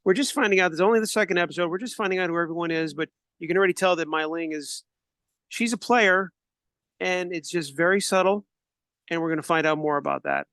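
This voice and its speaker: A man's voice: sits high, fast talker, fairly bright tone, clear, resonant tone, dry recording. A man co-hosting a podcast, musing about a TV show in a reflective, hedging way. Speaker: podcast co-host. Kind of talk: casual discussion.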